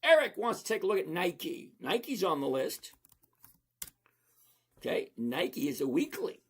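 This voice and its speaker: Husky-voiced trading streamer, mid-range pitch, casual and blunt, playful, repeats points for emphasis. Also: very animated, measured pace. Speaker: stock trading livestream host. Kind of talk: casual livestream chat reading viewer comments.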